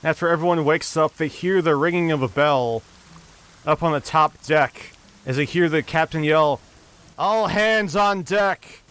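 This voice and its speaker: A man narrating as dungeon master of a tabletop game, steady storytelling with small restarts. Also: fairly high pitch, normal speed.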